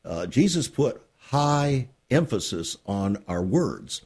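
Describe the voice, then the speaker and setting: A man's voice: medium pitch, very animated, takes it slowly, a little mellow, husky. A man hosting a radio interview program, speaking in an earnest, emphatic way.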